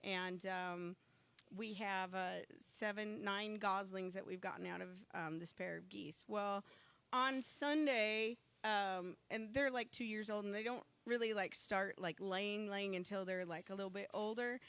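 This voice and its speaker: A woman in casual conversation who tells a story in long, rambling runs and talks herself into excitement. Her voice sits at an ordinary middle pitch for a woman. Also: unhurried, clear, resonant tone. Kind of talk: casual chat.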